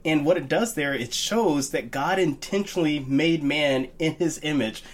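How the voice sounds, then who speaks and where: A man co-hosting a Bible study podcast in relaxed, casual chat, hesitating with many fillers. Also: on the high side, normal speed.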